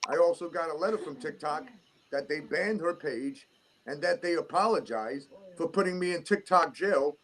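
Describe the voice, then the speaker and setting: Middle-aged New York man, high-pitched, heated and profane casual talk. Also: expressive, normal speed, fairly bright tone. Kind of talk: casual chat.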